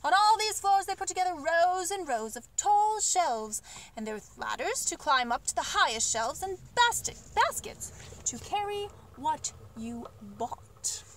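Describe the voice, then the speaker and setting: A woman reading a children's book aloud with expressive, animated storytelling. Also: very high voice, a little slow, slight background noise.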